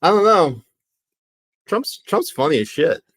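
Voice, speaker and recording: A man's voice: a little high, very animated, a little slow, fairly bright tone. A man co-hosting a casual livestream podcast, joking, teasing his co-host and reading chat comments aloud.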